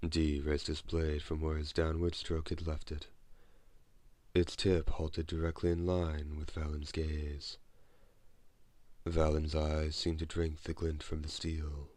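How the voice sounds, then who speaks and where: Very deep-voiced male audiobook narrator. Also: dry recording. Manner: measured, steady reading. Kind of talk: scripted narration.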